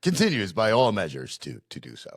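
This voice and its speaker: A man's voice: lowish voice, a little fast, slightly rough, dry recording, studio quality. A man co-hosting a podcast, telling a funny family story with lots of restarts and acted-out voices. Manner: animated storyteller, acts out voices, many restarts. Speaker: podcast co-host. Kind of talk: casual storytelling.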